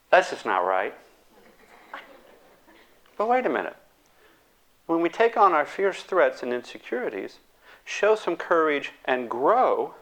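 A man giving a lecture, animated and acting out the voices of the people in his examples. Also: a little high. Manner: animated, acts out quoted voices.

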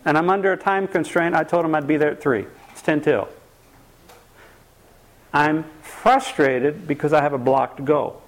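This man's voice is on the high side and moves at normal speed as he leads a live anger workshop. He engages listeners with questions and performs the voices of people he quotes, keeping the talk lively.

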